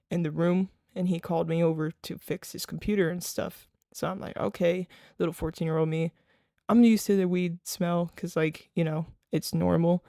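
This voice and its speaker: A man's voice: a little high, creaky, warm tone, dry recording, clean studio sound. A young man casually telling a rambling, profane story with lots of fillers.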